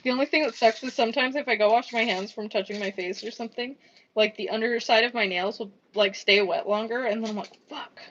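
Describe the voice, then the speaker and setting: A woman's voice: fairly high pitch, fast talker, fairly bright tone, a little hiss or hum. Chatty crafter woman, muffled lo-fi sound. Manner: rambling, swears casually, mutters counts under her breath. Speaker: livestreaming crafter. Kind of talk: casual live-stream chat while crafting. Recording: dull lo-fi stream audio.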